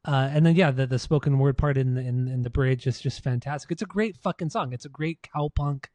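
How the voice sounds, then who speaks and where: A man's voice: medium pitch, fairly quick, darkish tone, no room sound. A man in his thirties co-hosting a casual music podcast, talking with enthusiasm, swearing freely and repeating himself. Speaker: podcast co-host.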